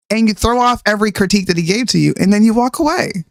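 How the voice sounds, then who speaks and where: A woman's voice: medium pitch, quick pace, no echo, clean studio sound. A woman co-hosting a casual political talk show, giving her opinions emphatically. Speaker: show co-host.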